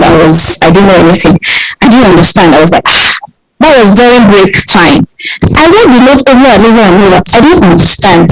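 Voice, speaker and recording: A woman with a Nigerian accent, a guest alumna telling school stories in an expressive, animated way and acting out quotes. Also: medium pitch, rough recording. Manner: animated, expressive storyteller who acts out quotes. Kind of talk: casual interview storytelling.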